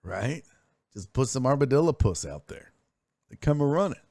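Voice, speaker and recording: A man's voice: medium pitch, big pitch swings, moderate pace, gravelly, mellow, no room sound, clean studio sound. A man hosting a sports live stream, chatting casually, telling stories, reading chat messages aloud and swearing freely. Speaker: sports streaming show host.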